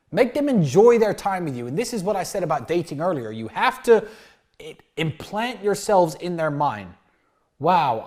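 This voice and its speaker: A man in his thirties giving a brash, animated dating lecture, often acting out bits of dialogue. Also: fairly high pitch. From United Kingdom. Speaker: dating coach. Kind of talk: lecture-style monologue.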